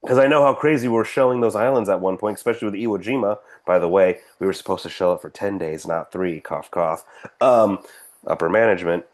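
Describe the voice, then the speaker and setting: A man's voice: fairly low pitch, quick pace. A man co-hosting a casual podcast, ranting sarcastically and swearing freely. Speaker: podcast co-host. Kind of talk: casual political podcast chat.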